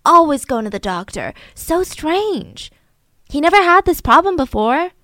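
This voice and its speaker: A woman casually telling a true-crime story to a co-host, chatty and animated, with frequent asides. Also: high-pitched, a little slow, dry recording.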